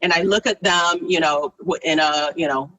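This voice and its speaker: A woman in her thirties or forties, animated and laughing often as she tells a story in casual conversation. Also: deep voice, normal speed. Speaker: guest. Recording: distant from the mic.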